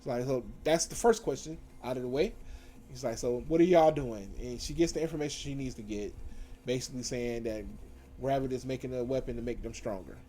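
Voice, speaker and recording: A man recapping TV episodes in a casual, slangy, animated way, full of fillers and self-corrections. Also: mid-range voice, a little fast. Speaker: TV show reviewer. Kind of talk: casual recap with acted quotes.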